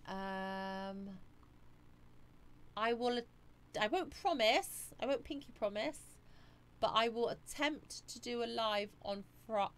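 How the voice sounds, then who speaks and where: A woman's voice: mid-range voice, a bit bright. A woman hosting a live stream, chatting casually and reading viewer comments aloud.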